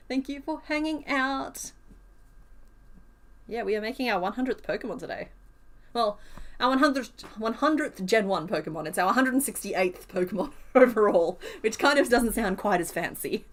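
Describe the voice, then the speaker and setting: A woman's voice: mid-range voice, animated, normal speed. Chatty woman crocheting on a live stream. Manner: chatty, thinks aloud, laughs often. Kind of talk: casual live-stream chat while crocheting.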